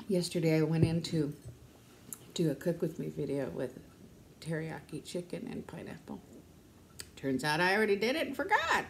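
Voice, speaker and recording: A woman in her fifties with a fairly low voice rambles casually to her viewers. She talks on and on in a chatty, easygoing way, laughing often. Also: big pitch swings, normal speed, pauses often, a little hiss or hum. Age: 50s. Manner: rambling, chatty, laughs often, uses high baby-talk to her dog. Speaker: vlogger. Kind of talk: casual chat to camera.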